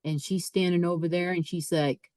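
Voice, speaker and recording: A woman, a podcast guest, telling a personal story in a lively way, often repeating and restarting her words. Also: fairly low pitch, normal speed, dry recording, rough recording. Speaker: podcast guest, author and speaker. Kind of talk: casual storytelling.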